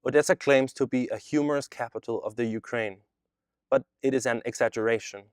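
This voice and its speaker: A man's voice: mid-range voice, steady tone, fairly quick, a little mellow, no echo, clean studio sound, lightly acted. A man reading as a chatbot posing as a boy. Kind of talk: reading a chat transcript aloud.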